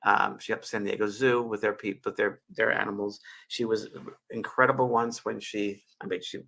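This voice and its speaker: A man's voice: fairly low pitch, level tone, moderate pace, creaky, pushed and bright. A man in his sixties, hosting a show and telling a heartfelt personal story in a rambling, emotional way with many restarts, speaking into a webcam. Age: 60s. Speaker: show host.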